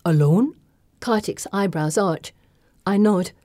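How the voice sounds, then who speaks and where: Woman, audiobook narrator, mellow warm voice, dramatic and expressive, dry close recording. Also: medium pitch, moderate pace, no echo. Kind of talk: scripted first-person narration.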